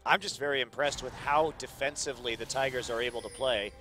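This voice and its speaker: Guy doing calm esports analysis, steady talk, music playing underneath. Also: mid-range voice, a little fast. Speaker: esports caster. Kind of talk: color commentary.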